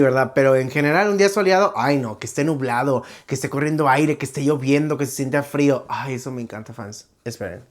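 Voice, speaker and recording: Young adult bilingual vlogger, casual, animated storyteller. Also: mid-range voice. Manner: animated and expressive, imitates ringing sounds. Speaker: vlogger host. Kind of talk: casual storytelling chat switching between Spanish and English.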